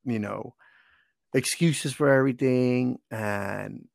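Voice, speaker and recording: A man in his twenties hosting a casual chat, telling stories in a relaxed way and laughing easily. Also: mid-range voice, slow, creaky, dry recording, clean studio sound.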